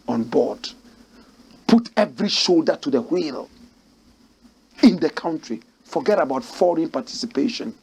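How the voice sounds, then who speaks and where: A Ghanaian man who hosts a current affairs talk show delivers animated, emphatic political commentary and reads news quotes aloud. His voice is high and husky with a darkish tone, and he's exclamatory, repeating key lines for effect with rising pitch.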